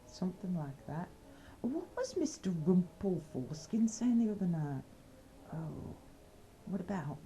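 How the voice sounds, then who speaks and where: A woman's voice: lowish voice, big pitch swings, measured pace, dark tone, low-quality recording. An Australian woman chatting in a rambling, cheeky way and brainstorming bawdy comedy skits. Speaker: comedy skit presenter. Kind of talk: casual comedic chat.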